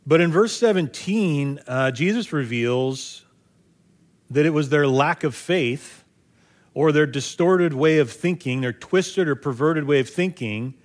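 A man's voice: a little high, a little slow. A man reading scripture aloud and then explaining it in a conversational, thoughtful way, with occasional fillers. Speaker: Bible teacher. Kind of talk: scripture reading and sermon commentary.

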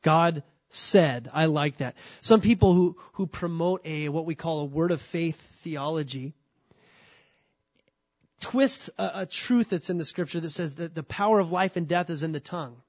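A man's voice: fairly high pitch, normal speed, no echo. A man teaching a sermon on scripture, conversational with dry humor and frequent restarts. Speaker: pastor.

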